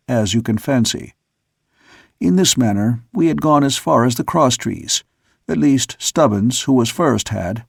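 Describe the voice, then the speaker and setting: Brief: male audiobook reader, gravelly, husky, dry close-mic sound, measured. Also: medium pitch, a little mellow, no echo. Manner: measured storytelling. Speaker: audiobook narrator. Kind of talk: scripted narration.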